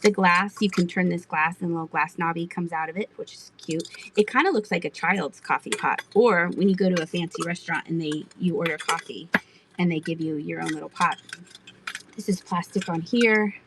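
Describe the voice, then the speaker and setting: A woman's voice: on the low side, brisk, background noise. A middle-aged woman hosting a live online auction, chatting and giggling with viewers as she shows vintage items. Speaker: live-stream auction seller. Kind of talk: casual live-selling chat.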